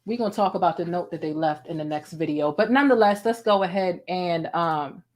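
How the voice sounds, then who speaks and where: A woman's voice: lowish voice, a little fast. Chatty Baltimore-accented woman vlogger. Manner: chatty, talks to her cat between remarks. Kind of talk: casual commentary vlog.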